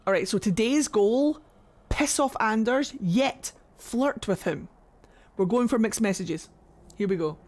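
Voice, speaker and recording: A woman's voice: mid-range voice, expressive, unhurried, a little mellow. Brief: chatty Scottish woman streaming a game, rambling, cussing, mid-range voice. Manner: rambling, swears freely. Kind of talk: casual live-stream chat.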